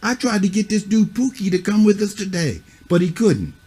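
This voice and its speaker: His voice sits high with big pitch swings, a dark, husky tone, and a moderate pace as this middle-aged mentor scolds kids. He's blunt and curses, hammering them with repeated questions and falling back on "huh?" and "you see what I'm saying."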